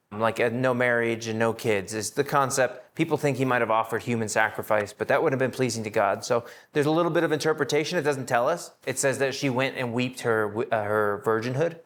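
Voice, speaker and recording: A man teaching a Bible study to a live group, acting out the people in his stories with shifts in his voice. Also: a bit bright. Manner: acts out quoted voices with shifts in pitch.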